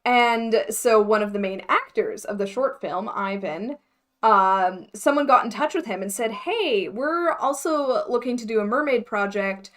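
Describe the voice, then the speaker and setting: A woman's voice: on the high side, measured pace, a bit bright. A young woman from the United States chatting casually on a livestream, scattered and thinking aloud, laughing often as she talks to her chat. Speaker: mermaid vlogger livestreaming.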